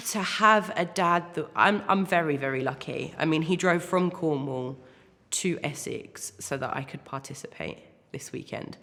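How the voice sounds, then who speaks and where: A young woman talks with an earnest, heartfelt openness, her gravelly voice catching on small hesitant fillers. She speaks as an interview guest in a reverberant room where each phrase rings on. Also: extremely low pitch, a bit bright. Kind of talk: personal testimony in an interview.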